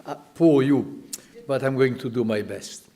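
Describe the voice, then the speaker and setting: An older man with a French accent, a native French speaker, giving a public lecture in English. He talks slowly and deliberately, with frequent hesitations. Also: medium pitch, mellow. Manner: slow and deliberate, with many hesitations. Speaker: guest speaker.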